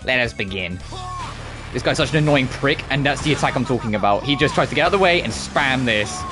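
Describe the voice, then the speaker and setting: A man's voice: medium pitch, fast talker, music in the background. Male streamer, casual profane gameplay commentary, ranty and laughing. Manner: profane, ranting, laughs often.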